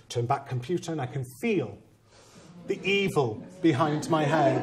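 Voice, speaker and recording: A man who is a head teacher, giving a conference talk and telling a story with humor and animated, self-mocking asides. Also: fairly high pitch, unhurried.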